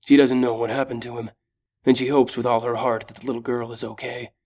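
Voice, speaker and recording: A man reading a fantasy audiobook in steady, dramatic narration. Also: mid-range voice, a little fast.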